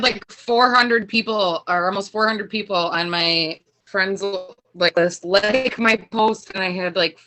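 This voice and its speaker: A woman's voice: medium pitch, pushed and bright, poor audio. A woman co-hosting a casual group video call, talking in an earnest, emphatic way. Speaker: co-host.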